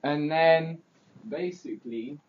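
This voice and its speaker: A man's voice: fairly high pitch, slow pace, muffled recording, heavy background noise. A teenage boy telling a rambling, self-mocking story for his vlog, full of fillers. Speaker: vlogger.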